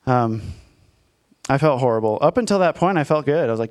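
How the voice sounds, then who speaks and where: A man's voice: medium pitch, expressive, fairly quick, a little mellow, clear, resonant tone. A man in his thirties, a pastor telling a personal story in a candid, self-deprecating conversational sermon to his congregation.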